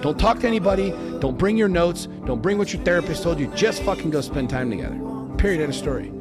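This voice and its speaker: A man's voice: a little high, lively intonation, fast. A man giving blunt, profane, commanding relationship advice. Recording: loud music behind.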